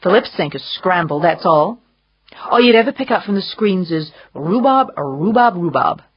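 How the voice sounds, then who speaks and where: A woman's voice: on the low side, expressive, moderate pace, breathy edge, muffled recording. Woman doing a drawling, wry older man. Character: amused, urbane older man, teasing and worldly.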